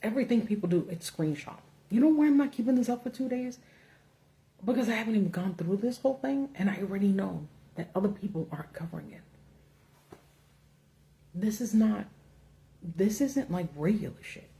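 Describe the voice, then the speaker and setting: A woman's voice: mid-range voice, animated, a little fast, creaky, long pauses, dark tone. A woman hosting a casual livestream, ranting bluntly with profanity from notes at home under a ring light. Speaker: political commentary host.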